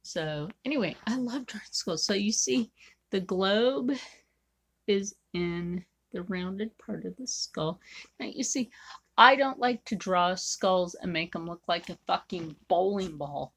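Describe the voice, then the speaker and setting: Blunt, rambling woman artist with a low voice and slow delivery. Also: expressive, vocal fry, a bit bright. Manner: blunt, rambling, frequent fillers. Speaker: artist drawing on camera. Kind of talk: casual chat while drawing.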